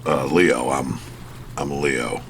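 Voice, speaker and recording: A dead detective turned demon hunter, voiced by a man, with an extremely deep, slow voice that sounds guarded and bewildered. The audio drama has a faint hiss behind it. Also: fairly even intonation, a bit bright, full character voice. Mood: wary.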